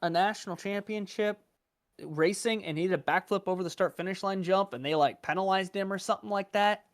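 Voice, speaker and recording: A man's voice: high voice, fairly quick, no echo, clean studio sound. A young man guesting on a podcast, telling stories eagerly in casual chat.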